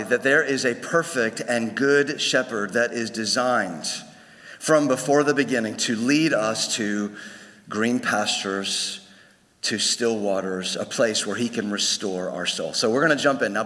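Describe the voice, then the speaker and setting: A male pastor preaches to his congregation in a church sanctuary, his mid-range voice pushed and bright against a long hall reverb. His delivery is conversational, and he frequently restarts phrases.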